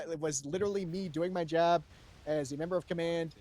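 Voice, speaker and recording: A man's voice: on the high side, steady tone, fairly quick, a little mellow, slight background noise. A man recounting a roleplay story to a panel, rambling with lots of fillers and restarts and swearing freely.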